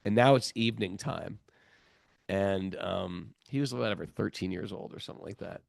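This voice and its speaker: A middle-aged podcast host with a low voice and vocal fry tells a story on his spiritual podcast at a moderate pace. He is lively and casual, acting out others' lines and laughing often, in a dry, studio-quality recording.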